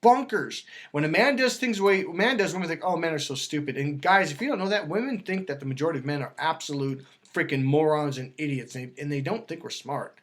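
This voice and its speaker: A man talking as a dating coach, emphatic and lively, acting out quoted voices as he explains. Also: on the high side, fast talker, few pauses. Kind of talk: animated coaching talk.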